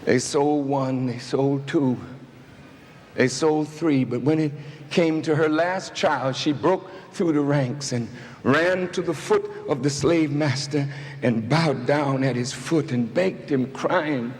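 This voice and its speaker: High-voiced man preaching in a reverberant hall. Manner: deliberate, building to shouted peaks. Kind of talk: impassioned speech. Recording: archive recording with long hall reverb and faint noise.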